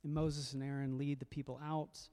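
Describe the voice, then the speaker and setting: A man's voice: mid-range voice, flat delivery, fairly quick, warm tone, clear, resonant tone. A man preaching a sermon as a pastor, reflective and conversational, often repeating words as he goes.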